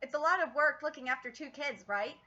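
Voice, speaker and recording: A woman with a high, bright, forceful voice reads quickly, voicing a smug, arrogant young male noble in a sneering, condescending way. The audio is lo-fi stream quality.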